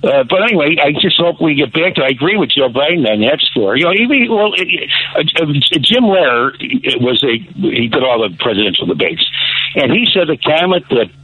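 A man calling in to a radio show, talking haltingly and often repeating himself. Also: fairly high pitch, very animated, a little hiss or hum. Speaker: caller. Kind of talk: call-in radio chat. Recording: phone line.

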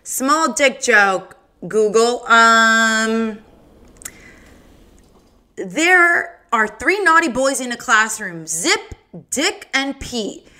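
Woman podcast host, unhurried, bright tone, giggly bawdy joke telling, casual solo chat. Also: a little high, very animated.

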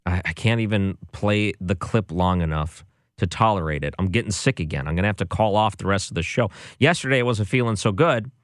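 A man's voice: lowish voice, fairly quick. A man hosting a show, giving casual music commentary with a sarcastic, exasperated manner. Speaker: radio or podcast host.

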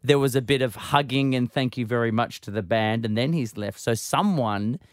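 A man's voice: medium pitch, moderate pace, dry recording, studio quality. A male radio co-host, telling jokey stories in casual chat and acting out the voices of the people in them. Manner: storytelling, acts out quoted voices, jokey.

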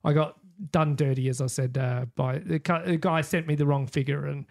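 Chatty Australian man, raised pitch. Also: moderate pace, gravelly. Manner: animated storyteller, acts out quoted exchanges. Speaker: podcast co-host. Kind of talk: casual chat.

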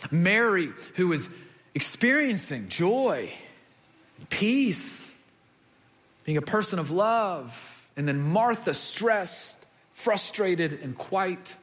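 Bright high-voiced man preaching. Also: slow. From United States. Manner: animated storytelling, acts out quoted voices. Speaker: pastor. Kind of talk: sermon.

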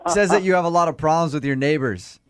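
A man who is a radio host making a prank phone call in a blunt, needling, deadpan way, recorded in a studio. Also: fairly high pitch, fast talker, smooth.

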